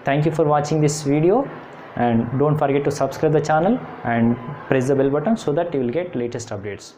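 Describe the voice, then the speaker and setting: A woman teaching a grammar lesson, repeating key points emphatically and pausing with frequent fillers. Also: sits low, dark tone, a little hiss or hum. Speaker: English teacher.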